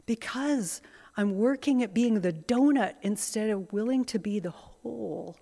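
A woman's voice: medium pitch, darkish tone. A woman preaching a sermon in a reflective, self-searching, conversational way. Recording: long hall reverb.

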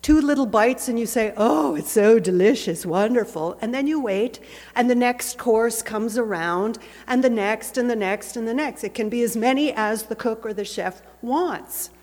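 A woman pastor delivering a sermon in a conversational, gently humorous way, recorded in a church. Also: on the high side, normal speed. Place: church sanctuary. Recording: echoey church hall.

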